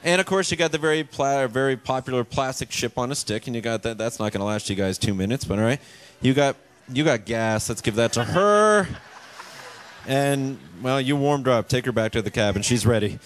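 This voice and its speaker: A man's voice: medium pitch, animated, a little fast. A man hosting a cruise ship talent show on stage, a joking, teasing showman working the crowd. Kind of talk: live stage emcee patter.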